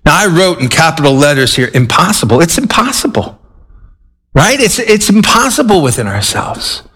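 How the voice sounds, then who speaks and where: A man's voice: a little high, sing-song, moderate pace, a bit bright, breathy edge. A man preaching a sermon, earnest and emphatic, telling anecdotes to make his point. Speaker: pastor.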